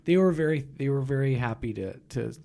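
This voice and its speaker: A young man co-hosting a casual podcast chat, talking in halting bursts and laughing often. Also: medium pitch, expressive, creaky, dark tone. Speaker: podcast co-host.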